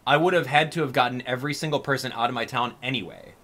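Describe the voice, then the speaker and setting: A man's voice: medium pitch, fast talker, bright, forceful tone. A young man hosting gameplay commentary, venting his frustration to his viewers. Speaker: gaming channel host.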